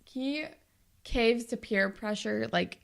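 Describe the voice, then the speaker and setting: A woman's voice: on the high side, takes it slowly, gravelly. A young woman co-hosting a podcast, recapping the plot in casual chat and swearing now and then. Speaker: podcast co-host.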